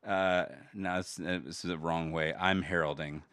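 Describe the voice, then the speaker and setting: A man's voice: sits low, level tone, slow, a bit bright, clean tone, no echo, studio quality. A man chatting casually on a podcast, rambling with lots of fillers. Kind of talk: casual chat.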